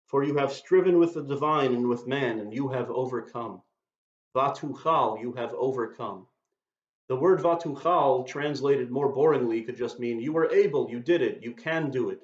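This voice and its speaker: A man's voice: mid-range voice, normal speed. Man, sermon, explanatory teaching delivery, muffled sound, echoey room. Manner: explanatory, quotes and translates Hebrew verses. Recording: dull, roomy recording.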